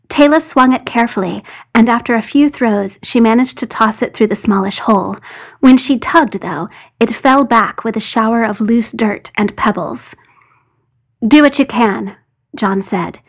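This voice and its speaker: A woman reading a fan story aloud with lively storytelling. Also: on the high side, normal speed. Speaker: podfic reader. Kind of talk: scripted narration.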